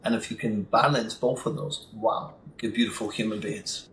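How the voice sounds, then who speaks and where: A man's voice: on the low side, steady tone, normal speed, creaky, fairly bright tone. A man talking as a podcast guest in a casual interview, enthusiastic and emphatic, sometimes acting out what others say. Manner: enthusiastic, emphatic, acts out quotes. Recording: echoey room with faint noise.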